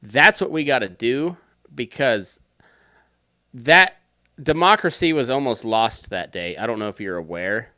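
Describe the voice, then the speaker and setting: A man's voice: medium pitch, expressive, measured pace, bright, forceful tone, dry recording, studio quality. A man co-hosting a podcast, making mock-serious sarcastic jokes in comedic banter. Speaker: podcast co-host.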